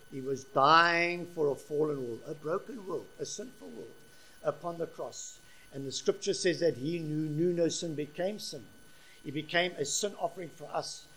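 A man preaching a sermon with passion, his voice rising to loud peaks and dropping to quiet, earnest stretches. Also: a little high. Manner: impassioned, swings from soft to loud.

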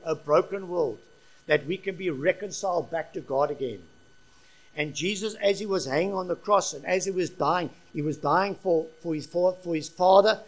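A man preaching a sermon with passion, his voice rising to loud peaks and dropping to quiet, earnest stretches. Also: fairly high pitch. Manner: impassioned, swings from soft to loud.

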